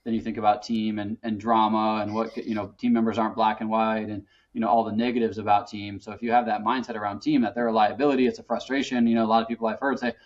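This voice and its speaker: A man's voice: on the low side, flat delivery, quick pace, hardly any pauses. A man talking earnestly in a casual podcast conversation, peppering his speech with "you know". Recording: distant, dull-sounding mic.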